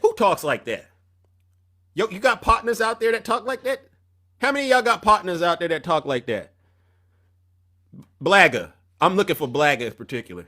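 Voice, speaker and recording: A man with a high, sharp voice hosts a heated political live stream rant. His manner is confrontational and preachy as he calls out viewers in chat.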